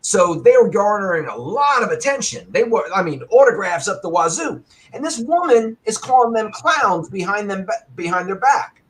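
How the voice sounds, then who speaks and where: A man telling a story with animation and a loud, bellowing voice at times, as a guest on a talk show. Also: high voice, very animated, moderate pace. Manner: loud, bellowing when acting out his anger. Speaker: arcade owner and guest.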